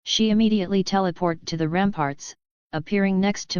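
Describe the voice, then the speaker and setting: A woman narrating an audiobook in a steady storytelling manner. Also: medium pitch, a little fast, smooth, no echo. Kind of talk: scripted narration. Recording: muffled lo-fi recording.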